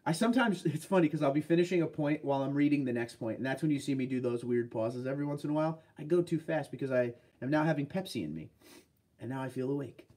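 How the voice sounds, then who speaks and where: A man's voice: medium pitch, fast talker, warm tone. Laid-back Boston-accented man with a cold. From New England. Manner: laid-back, reads chat comments aloud and answers. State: head cold. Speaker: livestream host answering viewer questions. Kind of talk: casual livestream chat.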